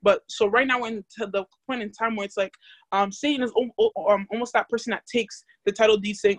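A woman's voice: a little high, steady tone, fairly quick, no echo. A young woman casually teaching a Bible study, chatty and full of fillers, asking the group questions.

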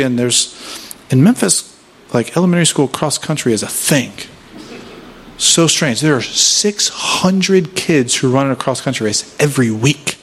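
A man's voice: a little high, a bit bright, breathy edge. A man in his thirties giving a workshop talk in a sermon style, casual and self-deprecating, telling family stories and asking the room questions. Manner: conversational, self-deprecating storytelling with rhetorical questions. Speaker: workshop speaker.

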